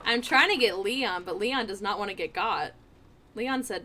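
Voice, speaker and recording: Playing live, this high-pitched, fairly quick-talking streamer keeps up excitable, playful commentary. She laughs a lot and trash-talks the other players.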